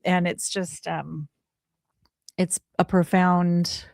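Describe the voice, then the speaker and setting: A woman in her forties, a podcast guest, telling a heartfelt personal story in an animated way, acting out the voices she quotes. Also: fairly low pitch, very slow, vocal fry, dry recording, studio quality. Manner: animated, acts out quoted voices, laughs often.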